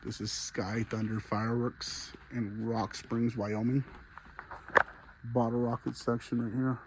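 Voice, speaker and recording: A man's voice: mid-range voice, level tone, unhurried, noisy background. A man vlogging casually as he walks through a large store, out of breath and chatting with enthusiasm. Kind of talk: casual walk-through vlog. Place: large fireworks store, indoors.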